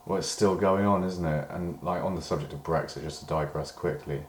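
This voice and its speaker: A British diary vlogger rambles through a personal monologue, meandering and hedging and swearing when he gets worked up. His bass voice is a little mellow, fairly even in intonation and fairly quick, with a roomy sound and slight background noise.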